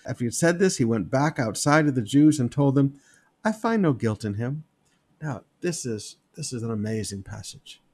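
Animated man preaching a sermon. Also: mid-range voice, moderate pace, breathy edge. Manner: animated, wry, reads passages with emphatic quoted voices. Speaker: pastor. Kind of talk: sermon with scripture reading.

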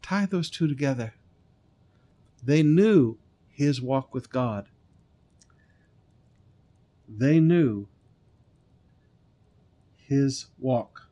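In a warm, medium-pitched voice, a pastor animatedly retells a scripture story in his sermon, drawing out words and pausing often. He leans into key lines with rising emphasis and sometimes slips into short sung phrases.

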